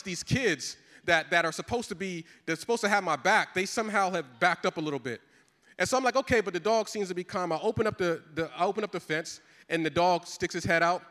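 A middle-aged man, a pastor, telling a comic story in a sermon with lively, animated delivery and lots of repetition. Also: high-pitched, long reverb tail.

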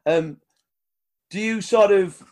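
A man hosting a casual podcast, his voice sitting a little high for a man. He talks in an easygoing way, full of ums and casual swearing, and laughs along with his guest. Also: slow pace, a little mellow. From United Kingdom. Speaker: podcast host.

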